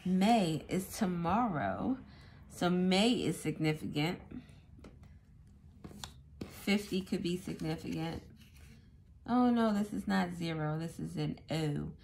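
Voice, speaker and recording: A woman giving a casual tarot reading, thinking out loud as she goes. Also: fairly low pitch, lively intonation, slow pace, vocal fry, long pauses, slight background noise. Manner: musing aloud, thinking out loud. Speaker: tarot reader.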